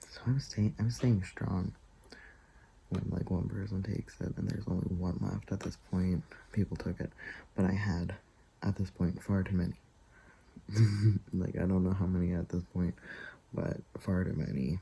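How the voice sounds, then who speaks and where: A man's voice: deep voice, fairly even intonation, brisk, creaky, pauses often, mellow, a little hiss or hum, poor audio. A man telling a story to camera in a casual, rambling way, with hesitations and asides. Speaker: vlogger.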